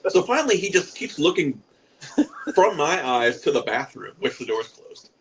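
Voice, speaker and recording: A man's voice: on the high side, big pitch swings, moderate pace, a bit bright, slight background noise, rough recording. A man in his forties telling a rambling, profane comic story on a podcast, laughing at his own jokes. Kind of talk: casual comic anecdote.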